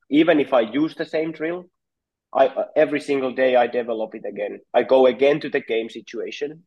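Heard through lo-fi audio, a slightly mellow mid-range male voice belongs to a Finnish goalkeeping coach, a native Finnish speaker. He answers podcast interview questions thoughtfully and often repeats words while searching for how to say things.

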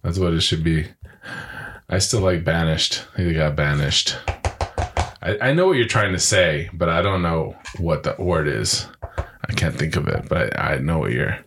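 A man co-hosting a podcast in casual chat, joking and quick to chime in. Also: low-pitched, expressive, a bit bright, a little hiss or hum. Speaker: podcast co-host.

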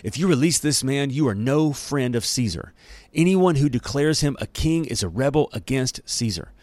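A man doing shouting, accusing temple leaders. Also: mid-range voice, lively intonation, normal speed, dry recording, voice pushed up, close to an everyday voice.

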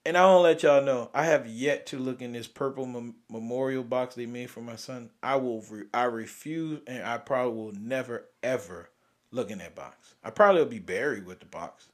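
A young man, hosting and venting about grief in a raw, profane way, swinging from loud outbursts to near-whispers. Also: medium pitch, moderate pace. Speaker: podcast host. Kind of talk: emotional personal venting.

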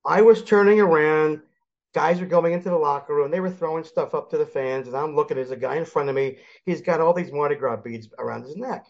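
An older man from Philadelphia chats as a guest about sports, with a fairly high voice. He tells his stories with energy and acts out the voices of the people in them. The audio sounds dull and lo-fi. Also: fairly quick. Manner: animated storyteller, acts out quoted voices. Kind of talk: casual sports chat.

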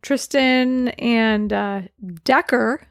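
A woman's voice: fairly high pitch, extremely slow, gravelly, dry recording, studio quality. A woman in her forties co-hosting a casual movie podcast, chatty and recapping scenes. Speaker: podcast co-host. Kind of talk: casual chat about movies.

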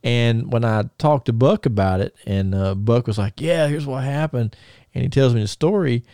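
Rambling man, mellow voice. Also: medium pitch, lively intonation, moderate pace, clean tone, dry recording, studio quality. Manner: rambling storyteller with many fillers and restarts. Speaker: podcast host. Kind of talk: casual podcast chat.

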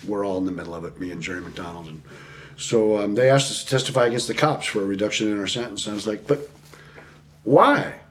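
A man's voice: on the low side, quick pace. A middle-aged man from the United States telling prison stories in an interview, swearing freely and acting out the voices in his quotes. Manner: profane animated storyteller, acts out quotes, laughs often. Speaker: podcast guest. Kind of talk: storytelling interview.

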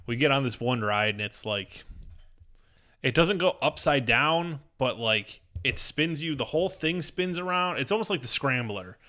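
A young man, telling stories in an animated way during a casual chat. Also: medium pitch, normal speed.

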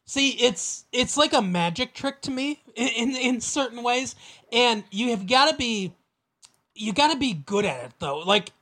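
A young man with a high voice co-hosts a podcast in loose casual chat. He rambles and restarts his sentences, and he laughs easily. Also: lively intonation, a little slow, sharp tone. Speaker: podcast co-host.

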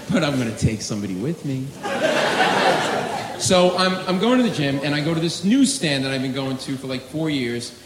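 Stand-up comic, New man, loud and lively, hall reverb, heavy audience noise. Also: mid-range voice. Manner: loud, animated, yelling punchlines. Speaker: stand-up comedian. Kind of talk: stand-up comedy set. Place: comedy club stage with a live audience. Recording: echoey club, loud crowd noise.

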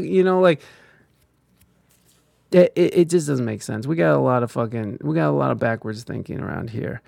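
Gravelly, profane ranting man. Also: a little high, moderate pace, a little mellow, dry recording, studio quality. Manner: profane, heated, rambling with frequent restarts. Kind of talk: casual ranting commentary.

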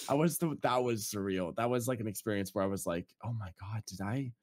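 A man's voice: fairly low pitch, fairly quick, few pauses, no room sound, studio quality. A man co-hosting a podcast, telling a work story and acting out the quotes with frequent laughs. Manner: animated storyteller, acts out quotes, laughs often. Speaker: podcast co-host. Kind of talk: casual chat.

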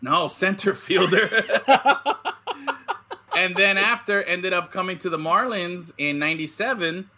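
A man hosting a casual podcast chat, opening baseball cards and telling animated stories, often saying "bro". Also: sits high, measured pace, slight background noise. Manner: animated storyteller, says "bro". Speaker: podcast host.

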